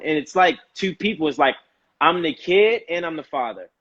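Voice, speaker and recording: A man, a guest on a casual live video chat, talking in an animated, reflective way. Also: fairly high pitch, moderate pace, breathy edge, muffled recording. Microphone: video call.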